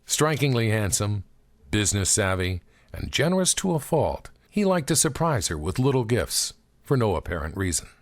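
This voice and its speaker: Man, audiobook narration, low voice, lively pitch, measured storytelling.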